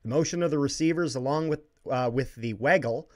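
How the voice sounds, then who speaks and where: A man's voice: medium pitch, a little fast, a little mellow. A man hosting a podcast, giving short reactions and reading fan questions. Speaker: podcast host. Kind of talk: casual interview.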